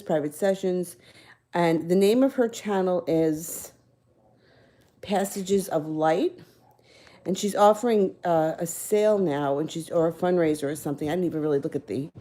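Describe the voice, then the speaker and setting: A woman reads tarot cards live for her viewers, her voice low and mellow. She talks casually and a little rambly, catching and fixing her own words as she goes, with small chuckles in between. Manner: casual, rambling, self-correcting. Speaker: tarot reader. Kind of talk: live-stream tarot reading.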